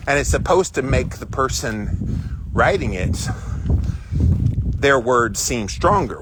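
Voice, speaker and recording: A man's voice: mid-range voice, lively intonation, slow, pauses often. A man hosting a casual live stream while out walking, reading viewer comments and giving his opinions in a chatty way, with outdoor noise behind him. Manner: chatty, opinionated, stretches out phrases for emphasis. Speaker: host of a weekly walk-and-talk live stream. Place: outdoors on a walk.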